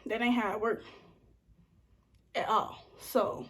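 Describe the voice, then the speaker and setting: A young woman telling a storytime vlog, animated and acting out what people said, sometimes dropping to a whisper. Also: a little high, slow. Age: young adult. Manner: animated, acts out quotes, slips into whispers. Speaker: vlogger.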